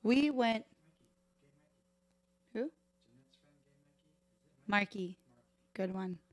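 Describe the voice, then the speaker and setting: A woman in her thirties, a bartender guest on a podcast, telling stories in a lively, profane way with frequent laughter. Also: mid-range voice, drawn-out words, dry recording. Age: 30s. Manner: animated, profane, laughs often, acts out voices in anecdotes. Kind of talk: casual podcast storytelling. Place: podcast live stream room.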